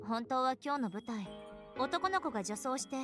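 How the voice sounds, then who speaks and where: A woman voicing a calm young schoolgirl in a visual novel, composed and coaxing. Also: high-pitched, fast talker, over music. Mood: explaining.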